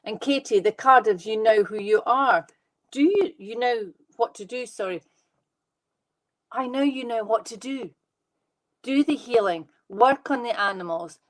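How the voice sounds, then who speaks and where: A woman working as a medium, giving live readings to viewers in an excitable, fast, reassuring way. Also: fairly high pitch, rough recording. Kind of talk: live online psychic reading.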